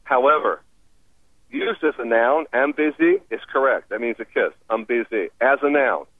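A man's voice: medium pitch, expressive, normal speed, dry recording. A man guest explaining foreign phrases on a radio interview in an upbeat, teacherly way, laughing easily. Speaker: language expert guest. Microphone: phone call. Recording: tinny phone line.

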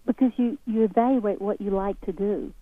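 A woman's voice: medium pitch, moderate pace, no echo. A woman with a Southern accent, a guest speaking in an interview in a folksy, earnest, encouraging way. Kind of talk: motivational interview talk. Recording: tinny phone line.

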